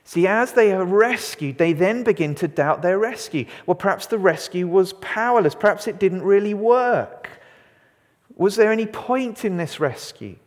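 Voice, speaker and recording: Guy pastor preaching, lively, asks the room stuff, big echoey hall. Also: sits high, normal speed. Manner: animated, asks the congregation questions. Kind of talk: sermon. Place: church hall. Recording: long hall reverb.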